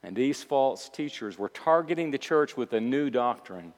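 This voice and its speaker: A male pastor delivers a sermon in a large hall, his medium-pitched voice shifting from quiet, reflective asides to loud, emphatic declarations. He speaks at a normal speed with lively intonation and repeats key phrases for emphasis.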